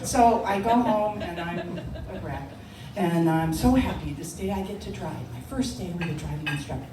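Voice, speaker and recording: An older woman telling a personal story, animated and laughing, acting out the voices of others. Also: on the low side, normal speed. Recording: echoey room, distant mic, noisy.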